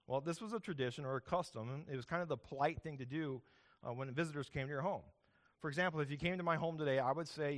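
A man preaching a sermon, conversational and animated, often checking in with 'right?'. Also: on the high side, fast. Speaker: pastor.

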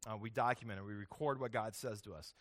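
A man's voice: on the low side, quick pace. A man preaching a sermon as the pastor, talking in a conversational way and often checking in with "right?".

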